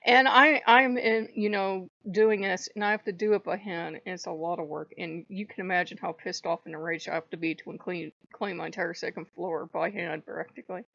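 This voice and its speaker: Gravelly, blunt-talking woman vlogger. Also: lowish voice, steady tone, fairly quick, few pauses, fairly bright tone, no echo, lo-fi sound. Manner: blunt, profane, laughing asides. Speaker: channel host. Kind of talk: casual vlog storytelling.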